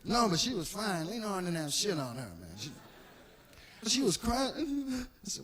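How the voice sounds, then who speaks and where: A male stand-up comedian with a high, bright voice. He tells stories in an animated, profane style and acts out the people in them. His pitch swings widely, and faint noise sits behind him. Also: moderate pace. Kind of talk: stand-up storytelling.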